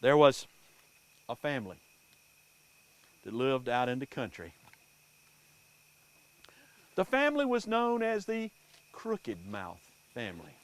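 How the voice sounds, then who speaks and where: A man telling folk tales and superstitions to a live audience in an unhurried, animated way. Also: mid-range voice. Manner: unhurried, animated, folksy delivery. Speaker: storyteller.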